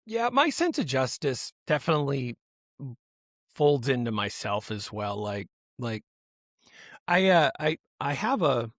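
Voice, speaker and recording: A man's voice: mid-range voice, very animated, a little slow, fairly bright tone, dry recording. Dry-voiced man reading stories casually. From United States. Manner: rambling, self-interrupting, laughs while reading. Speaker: podcast host. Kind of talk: casual podcast chat, reading news stories.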